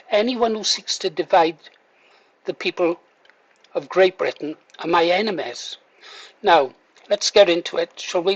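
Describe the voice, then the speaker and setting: A man's voice: high-pitched, no echo, poor audio. A man giving casual to-camera commentary, wry and mock-reluctant, then firmly emphatic. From Wales. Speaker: political video commentator.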